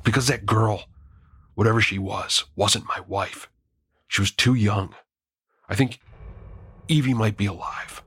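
A man voicing a grieving, secretive middle-aged husband who speaks quietly and tensely. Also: fairly low pitch, measured pace, long pauses, husky, no echo, clean studio sound. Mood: strained. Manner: quiet, strained.

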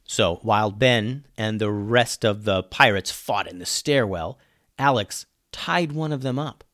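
At a measured pace, a man narrates a pirate adventure for children in a lively way, his voice sinking low on each speech tag.

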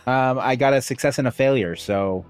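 A man's voice: medium pitch, moderate pace, smooth, soft background music. A man chatting casually as a player in a tabletop game, laid-back and wisecracking.

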